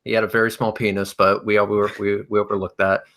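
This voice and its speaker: A man with a fairly low voice tells a story in easygoing livestream chat. He swears freely and delivers jokes with a dry edge. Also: flat delivery, fast, a bit bright. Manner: profane, storytelling, dry humor. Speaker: show host.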